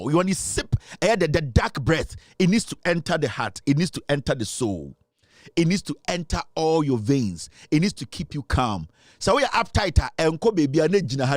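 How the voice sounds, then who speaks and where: A Ghanaian man hosting a casual chat, mixing English and Twi, animated and at times drawn out and soothing. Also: on the high side, no echo, clean studio sound. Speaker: host.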